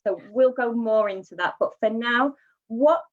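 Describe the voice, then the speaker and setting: A woman with a fairly high voice hosts a casual interview and heaps on praise. Her voice comes through a dull, lo-fi recording. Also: unhurried. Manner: enthusiastic, effusive praise. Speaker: host. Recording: dull lo-fi sound.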